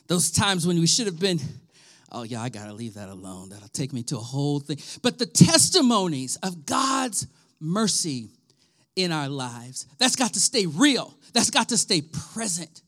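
A man in his thirties, a pastor preaching a sermon with animated, emphatic delivery, laughing and talking directly to his congregation. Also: fairly high pitch, normal speed. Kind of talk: livestreamed sermon.

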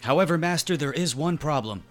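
A man's voice: a little high, expressive, brisk, faint music behind, lightly acted. A man voicing an eager, deferential male henchman reporting to his master. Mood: servile.

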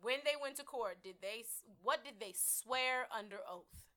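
A woman's voice: a little high, measured pace, pushed and bright. A woman co-hosting a casual group chat, speaking emphatically and talking over the others. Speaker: podcast co-host.

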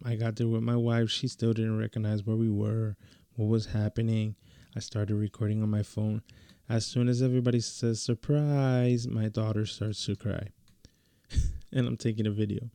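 A man's voice: fairly low pitch, warm tone, clear, resonant tone, no echo. A young man telling a story in a casual, slangy way, full of fillers and restarts.

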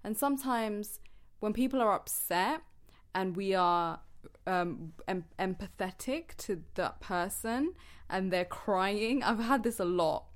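A woman's voice: mid-range voice, lively intonation, slow pace. A woman talking earnestly and casually to her viewers about mindset, laughing often and correcting herself as she goes. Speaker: self-help vlogger. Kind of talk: casual motivational talk to viewers.

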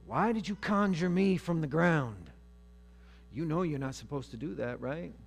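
A man's voice: on the high side, lively intonation, moderate pace, creaky. A man voicing the stern spirit of an old prophet, scolding and ominous.

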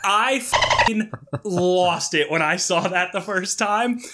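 A man chatting on a podcast, telling a favorite movie moment in an animated, laughing way. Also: high voice, slow, very noisy. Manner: animated storyteller, laughs easily. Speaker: podcast co-host. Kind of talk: casual movie chat.

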